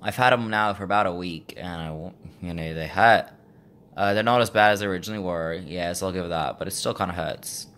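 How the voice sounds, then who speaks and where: A man talking slowly and pausing to think in a casual, unscripted vlog, recorded on a phone in his bedroom with a sore mouth. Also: sits low, fairly bright tone, clear, resonant tone. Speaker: vlogger.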